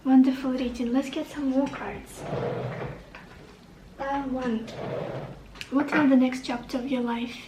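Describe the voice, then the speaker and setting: A woman's voice: sits high, flat delivery, measured pace, pauses often, roomy sound, distant mic, noisy background. A woman giving a tarot reading to the camera, upbeat and encouraging, thinking aloud as she turns over cards. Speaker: tarot reader.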